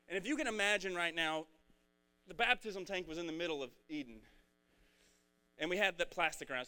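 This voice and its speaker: A man preaching a casual, energetic sermon, talking in a rambling, conversational way. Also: fairly high pitch, clear, resonant tone. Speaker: pastor.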